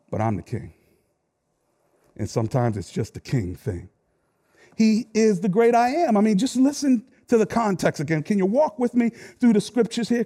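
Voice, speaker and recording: A middle-aged man preaching a sermon, telling stories with animated delivery that swings from shouts to quiet asides. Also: high-pitched, husky. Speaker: pastor.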